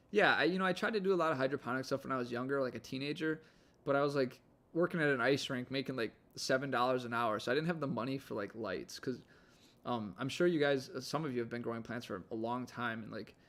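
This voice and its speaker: A man with a Midwestern accent hosting a live stream, rambling in an easygoing way and saying "like" a lot. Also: medium pitch. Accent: Midwestern American. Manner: rambling, easygoing, heavy use of "like". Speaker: livestream host. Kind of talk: casual live-stream chat. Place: home indoors.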